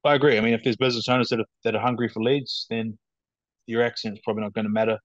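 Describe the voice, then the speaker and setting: A man with a New Zealand accent, a guest on a podcast, speaking over a video call in a calm, measured, matter-of-fact way. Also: mid-range voice, no echo. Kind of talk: casual interview chat. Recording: dull dry video call audio.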